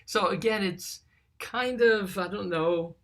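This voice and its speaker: A teacher giving a recorded study lesson on a psalm, reading verses aloud and explaining them in a slow, deliberate way. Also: medium pitch, fairly bright tone. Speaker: teacher of scripture.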